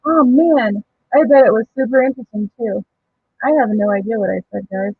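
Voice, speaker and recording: A woman's voice: a little high, brisk, phone-quality sound, a little hiss or hum. A woman hosting a crafting live stream, chatting casually, reading viewer comments aloud and laughing often. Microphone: home microphone.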